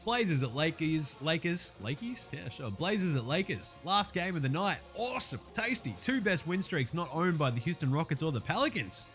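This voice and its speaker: A man with an Australian accent and a hoarse, sore throat, chatting casually as a podcast host and swearing freely. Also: fairly high pitch, sing-song, a bit bright, soft background music. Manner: brisk, swearing, slangy chat.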